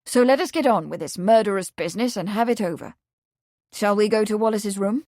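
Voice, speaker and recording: A woman voicing a kindly, measured Victorian gentleman investigator. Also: mid-range voice, no echo, clean studio sound, lightly acted.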